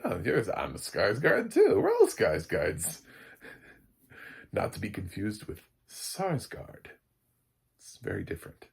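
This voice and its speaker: A man's voice: low voice, creaky, darkish tone, slightly rough. A man giving a casual, rambling film review with lots of fillers and amused asides. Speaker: film critic.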